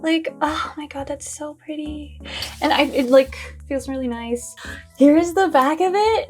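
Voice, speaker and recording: Young woman vlogger, high bright-toned voice, gushing and giddy, soft music under her talk. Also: a little slow. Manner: bubbly, gushing, squealing with delight. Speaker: cooking vlogger. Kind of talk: casual excited vlog chat.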